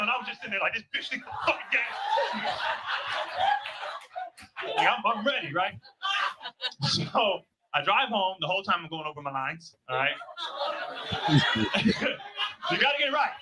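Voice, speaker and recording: A man's voice: high voice, big pitch swings, normal speed, long pauses. A man hosting a live show, telling a profane comic story and acting out both sides of an argument. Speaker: show host. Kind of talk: comedic storytelling. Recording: noisy live stream.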